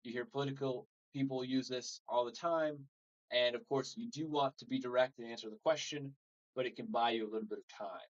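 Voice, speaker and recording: A man's voice: mid-range voice, a little fast, dull audio. A man teaching a live English lesson, explaining steadily and acting out sample phrases. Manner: relaxed explaining with example phrases, frequent "so" and "all right".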